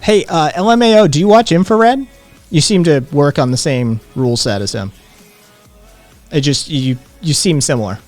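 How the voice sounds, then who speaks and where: A man's voice: on the high side, animated, moderate pace, a little mellow, soft background music. Sarcastic man bantering on stream. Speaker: streamer co-host. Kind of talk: casual live-stream chat.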